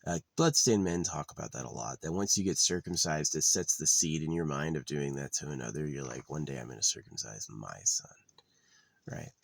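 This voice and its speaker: A man's voice: rumbling low, brisk, creaky, few pauses, no echo. A man talking in a rambling, profane vlog monologue, full of fillers. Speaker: vlogger.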